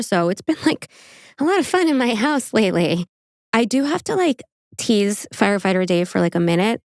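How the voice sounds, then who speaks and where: A woman hosting a casual true crime podcast, chatty and animated, laughing often and filling her talk with "like". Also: mid-range voice, dry recording, clean studio sound. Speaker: podcast host.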